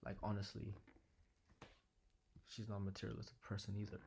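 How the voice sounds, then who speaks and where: A young man talking quietly and earnestly in a personal vlog from his living room, sometimes dropping to a whisper. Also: lowish voice, monotone, brisk, vocal fry, slight background noise. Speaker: vlogger.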